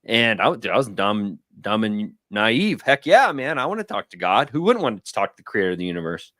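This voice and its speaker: A man in his thirties chatting casually on a livestream. He rambles through personal stories and acts out his friends' lines in a higher voice. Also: sing-song, a little fast, fairly bright tone, no room sound, studio quality. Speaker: guest. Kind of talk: casual storytelling conversation. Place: home studio.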